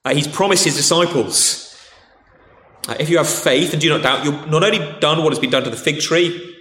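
Posh English preacher in an echoey hall. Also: male voice, on the high side, normal speed, a bit bright. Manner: conversational, many restarts and "okay"s. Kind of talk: sermon.

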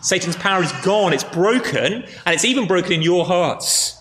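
A man's voice: sits high, lively intonation, normal speed, fairly bright tone. A man preaching a sermon and leading a closing prayer, earnest and driving points home with emphatic repetition. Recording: echoey hall with faint noise.

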